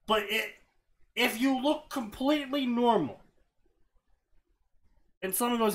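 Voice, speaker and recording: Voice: mid-range voice, measured pace, long pauses, fairly bright tone. A co-host reading fanfiction aloud and ranting about it bluntly, with plenty of swearing, a little tipsy. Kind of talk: comedic reading and commentary.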